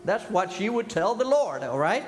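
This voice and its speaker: Older preacher in an echoey hall. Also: male voice, big pitch swings, normal speed, soft background music. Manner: emphatic, swinging from loud high bursts to quiet low asides. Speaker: pastor. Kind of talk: sermon. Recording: echoey hall with long reverb, faint hum.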